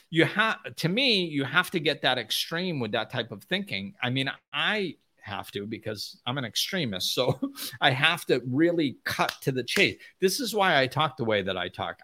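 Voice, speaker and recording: Man, spiritual teacher, blunt straight talk, emphatic, mid-pitched voice, does whiny impressions. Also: bright, forceful tone. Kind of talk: unscripted motivational talk to an audience.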